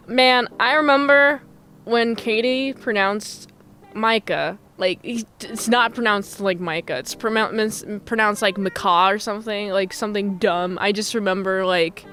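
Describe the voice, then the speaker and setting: A woman's voice: a little high, a bit bright. A young woman giving a casual movie recap in a rambling, jokey way with loose slang. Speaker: movie reviewer.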